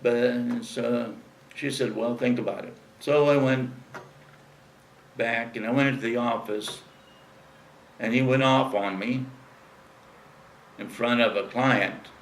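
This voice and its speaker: A man's voice: mid-range voice, steady tone, slow pace, long pauses, slight background noise. A man casually telling a long rambling anecdote with lots of fillers, acting out the people he quotes. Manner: rambling, frequent fillers, acts out quoted voices. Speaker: interview guest telling stories. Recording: distant mic in an echoey room.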